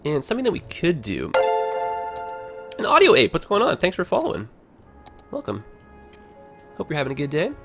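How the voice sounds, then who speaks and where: A man's voice: on the high side, huge pitch swings, moderate pace, pauses often, over music. A man with a Toronto Canadian accent, chatting casually over his gameplay as a livestreamer and filling his talk with "like" and "you know".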